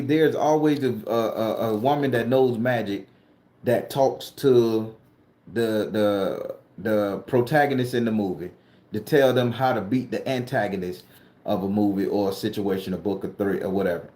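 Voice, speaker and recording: A man's voice: on the low side, moderate pace, mellow, reverberant. A man from southern Florida, a spooky-story vlogger and tarot reader, ranting bluntly and profanely to camera. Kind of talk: casual ranting monologue to camera.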